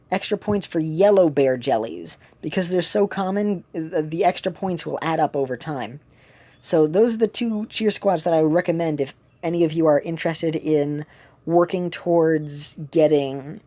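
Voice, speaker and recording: Woman streamer, low and mellow, loose rambling play-along chat from home. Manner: rambling, many fillers and restarts. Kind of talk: casual gameplay commentary.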